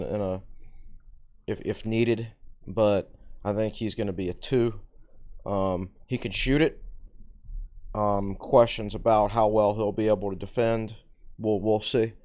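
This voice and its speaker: A man's voice: on the low side, darkish tone. A man co-hosting a sports podcast, giving blunt, frank opinions in casual chat. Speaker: podcast co-host, sports analyst.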